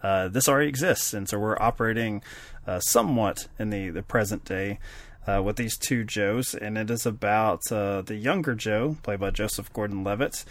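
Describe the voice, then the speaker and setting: In a dry recording, a male podcast co-host with a fairly low voice talks at normal speed. His casual chat is rambling, self-deprecating and heavy on fillers.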